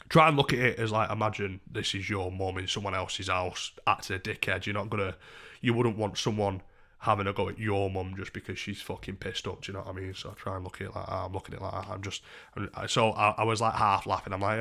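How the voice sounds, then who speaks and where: A young man with a fairly low voice tells a story on a live stream. He rambles, swears freely and stays animated throughout, talking casually to his viewers. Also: fairly quick, vocal fry.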